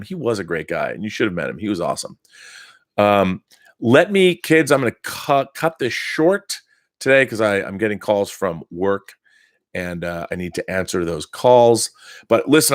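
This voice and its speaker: A middle-aged man hosting a casual live-stream chat, reading out viewer messages and riffing on them in an animated way. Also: fairly low pitch, no echo, studio quality. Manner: reads viewer messages aloud and riffs on them. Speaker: host.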